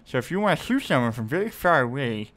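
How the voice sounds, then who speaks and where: A man's voice: mid-range voice, big pitch swings, fast, fairly bright tone. A man putting on a stereotypical cartoon nerd voice, explaining a point in a know-it-all way. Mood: lecturing.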